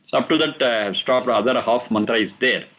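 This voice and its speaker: A man teaching a class on scripture, explaining verses slowly and repeating the recited lines. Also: mid-range voice, a bit bright, muffled recording. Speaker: teacher of Vedic texts.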